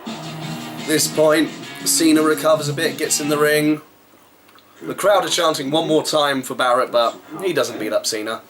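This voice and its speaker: A man's voice: on the high side, fairly even intonation, normal speed. A man casually recapping a live wrestling show he attended, in a chatty play-by-play vlog review. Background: background music.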